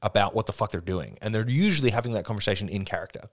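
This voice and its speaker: A man's voice: on the low side, animated, rapid-fire. Enthusiastic, swearing man explaining at length. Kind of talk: casual chat.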